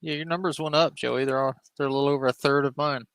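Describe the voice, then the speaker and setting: A man's voice: medium pitch, steady tone, fast talker, a bit bright, clean tone, no echo. A man giving sarcastic, mocking commentary on a stream. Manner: sarcastic, laughing asides.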